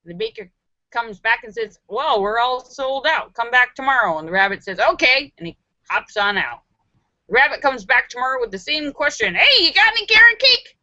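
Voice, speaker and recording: A woman hosting a live stream, reading viewers' jokes aloud and acting out the voices with giggly, animated delivery. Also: fairly high pitch, moderate pace, dry recording, muffled recording. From Los Angeles area.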